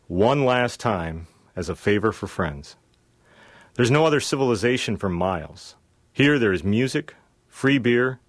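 A man's voice: fairly low pitch, dry recording, clean studio sound. A man in his forties reading his own wry, reflective first-person essay for public radio. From Wisconsin.

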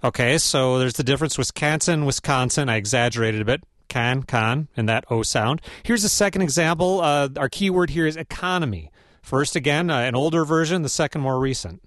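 A man's voice: medium pitch, animated, a little fast, fairly bright tone, dry recording, studio quality. A man hosting a radio interview, asking questions in a curious, conversational way. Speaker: radio host.

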